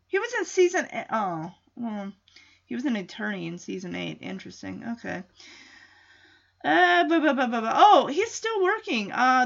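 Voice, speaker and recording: A woman's voice: fairly high pitch, vocal fry, lo-fi sound. Chatty, rambling woman podcast host. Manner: rambling, thinks aloud, many fillers and restarts. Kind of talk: casual recap of a TV episode.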